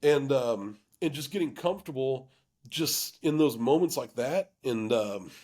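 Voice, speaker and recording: A man's voice: mid-range voice, animated, darkish tone. A man hosting his own channel, telling a personal story with candor. He often stops and restarts his sentences and leans on fillers. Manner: halting, full of restarts and fillers; earnest and emotionally open. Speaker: YouTube channel host.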